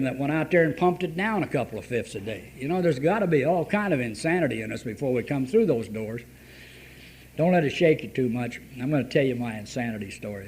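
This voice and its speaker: A man's voice: mid-range voice, a little mellow. An older man telling a plain-spoken, folksy recovery story at an AA meeting. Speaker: AA meeting speaker. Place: meeting room. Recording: old cassette tape with faint hiss.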